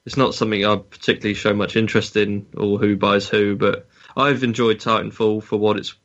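A man's voice: on the low side, flat delivery, brisk, a bit bright, highs cut off. A man co-hosting a casual podcast chat, answering hesitantly and noncommittally and trailing off. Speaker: podcast co-host.

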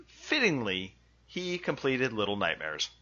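A man's voice: medium pitch, sing-song, a little slow, pushed and bright. A man co-hosting a podcast, chatting casually with dry wisecracks. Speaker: podcast co-host. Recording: dull lo-fi sound.

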